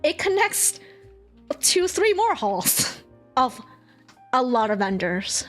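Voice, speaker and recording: Animated young woman telling a story. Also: high-pitched, takes it slowly, soft background music. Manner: animated storytelling, swearing, acting out quotes. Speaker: streamer. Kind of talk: casual chat.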